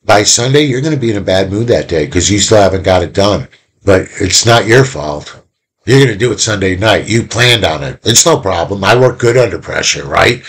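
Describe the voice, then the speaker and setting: Male teacher, deeper voice, chatty and animated, a casual video lesson with bits of play-acting. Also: normal speed, husky. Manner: animated, chatty, acts out little quoted exchanges.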